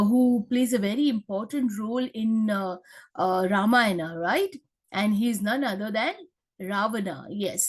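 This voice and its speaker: High-voiced teacher. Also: female voice. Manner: chatty, many fillers and checks. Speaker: English teacher. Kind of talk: explaining a lesson.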